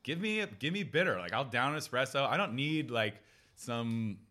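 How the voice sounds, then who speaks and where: A man's voice: medium pitch, lively intonation, normal speed, bright, forceful tone. A man from the Philadelphia area, a guest on a comedy podcast, chatting eagerly and jumping in to finish other people's points. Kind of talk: casual chat.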